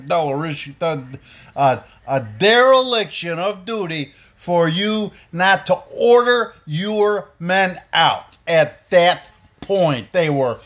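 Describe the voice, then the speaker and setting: A man rants on a podcast, blunt and profane, his voice sitting high for a man. He swings between fired-up outbursts and low, hard-edged lines. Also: expressive, slow, fairly bright tone. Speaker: podcast host. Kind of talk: angry opinion rant.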